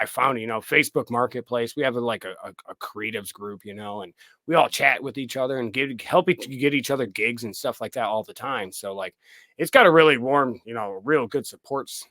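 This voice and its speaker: A man's voice: mid-range voice, a bit bright, dry recording. A man, a film director guest, chatting casually on a podcast, swearing freely and acting out his own reactions.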